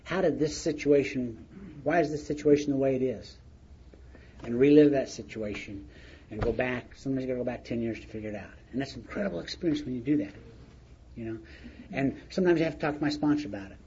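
A man's voice: mid-range voice, fast, mellow. A middle-aged man sharing his recovery story in a plain-spoken, storytelling way with chuckles. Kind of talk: recovery meeting share. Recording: muffled lo-fi recording with faint noise.

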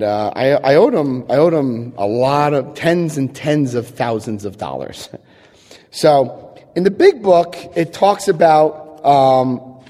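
A middle-aged man from New Jersey gives a talk at a recovery meeting, animatedly telling his story, acting out quotes, and laughing at himself. His voice is medium-pitched and mellow, heard through a long hall reverb.

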